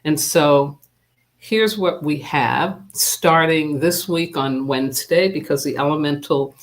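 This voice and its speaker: On a live stream, a spiritual teacher with a mid-range voice talks in a laid-back, leisurely way, full of pauses and fillers, calling out viewers by name.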